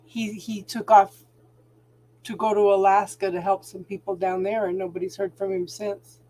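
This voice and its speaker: A woman's voice: mid-range voice, little pitch movement, normal speed, darkish tone. A middle-aged woman hosting a casual spiritual talk stream, chatting sympathetically with viewers and calling them hun.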